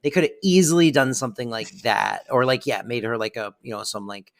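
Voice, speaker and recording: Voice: medium pitch, a little fast, vocal fry, no room sound. A podcast co-host in casual chat about a TV episode, hesitant and full of fillers. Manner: lots of "like" fillers, laughs along, hesitant.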